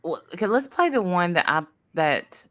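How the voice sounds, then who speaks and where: A woman's voice: fairly low pitch, big pitch swings, normal speed, fairly bright tone, dry recording. A woman hosting a casual commentary chat, playful, often stammering and restarting. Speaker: channel host.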